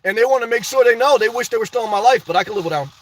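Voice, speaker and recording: A man's voice: very high voice, very fast, distant mic. A man hosting a livestream, reading the live chat in a chatty way and often tagging on "okay". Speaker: livestream host. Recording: dry sound, voice away from mic.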